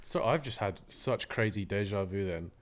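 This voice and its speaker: A young man co-hosting a podcast, teasing his co-host with quick jokes in casual chat. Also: fairly low pitch, no room sound.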